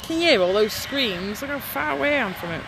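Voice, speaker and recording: A woman's voice: high voice, animated, a little fast, creaky, noisy background. A woman activist delivering an angry, impassioned vlog monologue outdoors by a slaughterhouse in the hail and rain. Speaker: animal rights activist.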